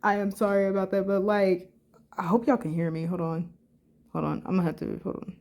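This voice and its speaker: A woman talks breathlessly into her phone, rambling through her reactions with lots of fillers. Her voice sits in a middle pitch, casual and emotional. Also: fairly even intonation, brisk, darkish tone. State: short of breath. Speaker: vlogger reacting to clips.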